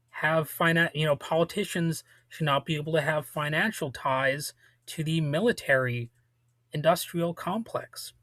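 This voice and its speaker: A man's voice: on the high side, fairly bright tone, no echo. A man hosting a casual political commentary, blunt and loose, with a voice that is slightly worn. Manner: casual, blunt, with frequent restarts and swearing. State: losing his voice a little. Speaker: podcast host.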